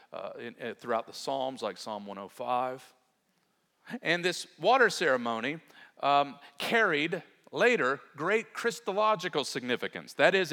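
A man's voice: on the high side, sharp tone. Earnest male preacher in a reverberant hall. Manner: earnest, emphatic preaching with frequent asides to the congregation. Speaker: pastor. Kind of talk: sermon.

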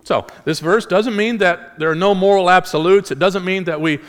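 A man's voice: sits high, moderate pace, in a large hall. A male pastor delivering a sermon in an earnest style, asking rhetorical questions and restarting phrases as he goes.

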